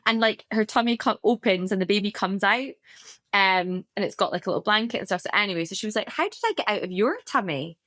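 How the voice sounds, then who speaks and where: Mum, 30s, chatty podcast co-host, animated storyteller, dry sound. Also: female voice, mid-range voice, quick pace, dry recording. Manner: animated storyteller, laughs often. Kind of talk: casual storytelling chat.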